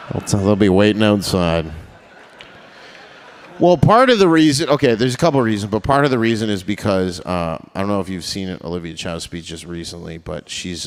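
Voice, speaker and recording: A man's voice: deep voice, a little hiss or hum. A young man doing stand-up on a live stage, brash and profane, chatting with the crowd and laughing at his own jokes. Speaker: stand-up comedian.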